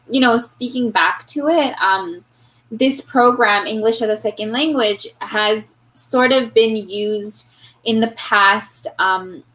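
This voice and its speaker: A woman's voice: mid-range voice, a bit bright, low-quality recording. A woman teacher with a Canadian accent, speaking earnestly in an interview, thinking aloud with frequent fillers and restarts. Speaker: guest, elementary teacher. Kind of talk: reflective interview talk.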